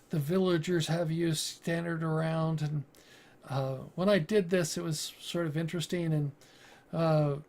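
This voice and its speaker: A man who is a game master and YouTuber, telling stories from his campaigns in a deliberate, halting way. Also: a little high, darkish tone. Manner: slow, deliberate, halting with fillers and restarts. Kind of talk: casual storytelling monologue.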